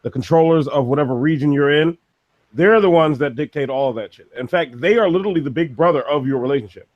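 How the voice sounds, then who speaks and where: A man's voice: a little high, quick pace, muffled recording. A man ranting bluntly and profanely in a casual podcast chat.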